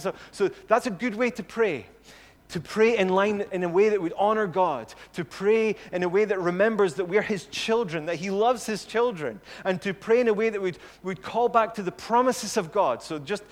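A man preaching a sermon, earnest, slowing down and growing louder on his key points. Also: high-pitched. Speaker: pastor. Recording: long hall reverb.

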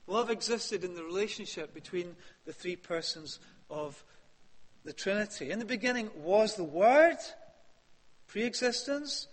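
High bright-voiced preacher in a reverberant hall. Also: male voice, lively intonation, unhurried. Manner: emphatic, building to loud peaks then dropping to hushed questions. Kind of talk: sermon.

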